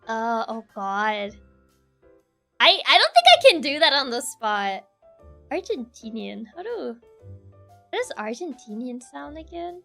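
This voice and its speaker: Young streamer woman, Spanish accent, bouncy pitch, playful laughing chat. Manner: giggly, animated, playful. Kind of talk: casual chat, reading chat aloud.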